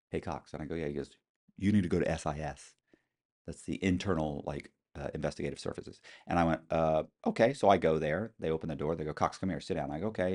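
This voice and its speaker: A middle-aged man telling animated stories as a podcast guest, acting out quoted voices with some swearing. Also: low-pitched. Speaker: interview guest. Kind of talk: storytelling in a podcast interview.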